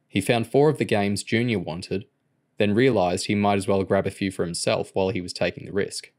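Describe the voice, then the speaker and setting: Low-voiced man reading an audiobook. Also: steady tone, a little fast, a little mellow. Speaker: audiobook reader. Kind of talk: audiobook narration.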